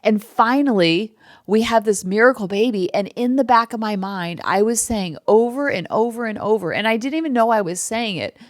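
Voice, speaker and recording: A woman's voice: a little high, no echo. Candid woman podcast host, dry sound. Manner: candid and emotional, quick asides. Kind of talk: casual personal monologue.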